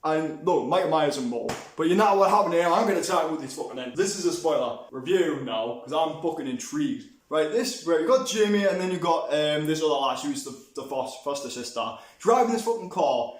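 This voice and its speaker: High, lively man ranting. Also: fairly quick, few pauses. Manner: animated, sweary, rambling with restarts. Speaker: movie reviewer. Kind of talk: ranting movie review. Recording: echoey room.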